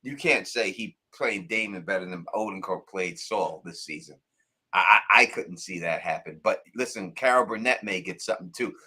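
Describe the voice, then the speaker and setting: A man's voice: deep voice, moderate pace, breathy edge. A man hosting a live call-in stream, chatting casually and animatedly. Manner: animated, laughing, acts out characters. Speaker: show host.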